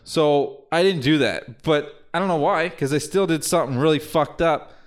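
A man's voice: fairly high pitch, normal speed. A young man chatting casually on a podcast, rambling through a crude story with restarts and laughter. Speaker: podcast co-host telling a story. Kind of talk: casual chat.

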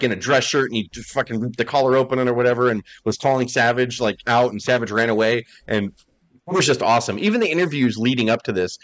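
A man's voice: mid-range voice, dry recording. Podcast guy telling stories all hyped up, cussing a lot, dry close sound. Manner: excited, profane storytelling with impressions. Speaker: podcast host. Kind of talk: casual chat.

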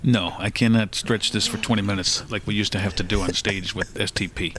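A man's voice: lowish voice, fairly even intonation, a little fast, a bit bright. A man in a band chatting casually, sheepish and easygoing as he tells stories. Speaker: musician, band member. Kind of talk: casual chat.

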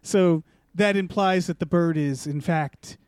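A man with a fairly high voice hosts a casual movie chat, wry and quick to joke. His voice sounds close and dry, with no room around it. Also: a little mellow, clean tone, no echo. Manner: wry, joking.

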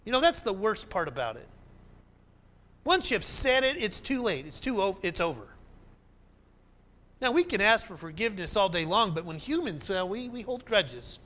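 Animated male pastor preaching. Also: sits high. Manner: animated, climbing to emphatic peaks, then dropping soft. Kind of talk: sermon.

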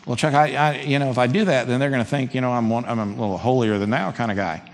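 A man preaching a sermon as a pastor, conversational and animated. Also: mid-range voice, fast talker. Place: church sanctuary. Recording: long hall reverb, faint background noise.

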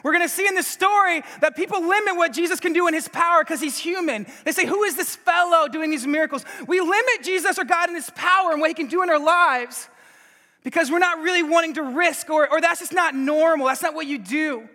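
Male preacher, bright and forceful tone, excitable delivery full of restarts, long hall echo. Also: very high voice, a little fast. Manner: energetic, laughing, stammering restarts. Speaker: pastor and Bible teacher. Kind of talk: sermon.

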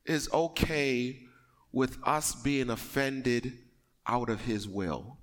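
A man who grew up in the West Indies, preaching a sermon with animated, comic storytelling that builds to shouts. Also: medium pitch, takes it slowly, long reverb tail. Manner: animated, acts out dialogue in comic voices. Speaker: pastor.

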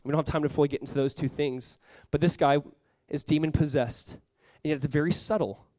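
A man's voice: on the high side, fairly even intonation, fairly quick, a little mellow, no room sound. A man preaching a sermon as pastor, earnest and conversational, often acting out what people say.

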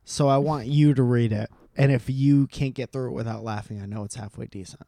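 A man's voice: medium pitch, steady tone, brisk, vocal fry, mellow, no room sound. Casual swearing male podcast host. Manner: loose and swearing, with many restarts. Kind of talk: casual chat.

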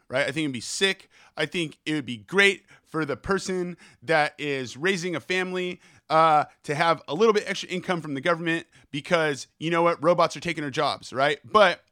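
A young man hosting a podcast, ranting fast and swearing a lot in a solo monologue. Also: a little high, no echo, clean studio sound. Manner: profane, fast, animated rant. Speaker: podcast host.

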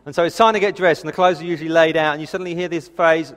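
A man's voice: on the high side, steady tone, racing, a bit bright. A man in his thirties preaching a sermon, telling family stories in a chatty, self-deprecating way. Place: church hall. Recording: reverberant hall.

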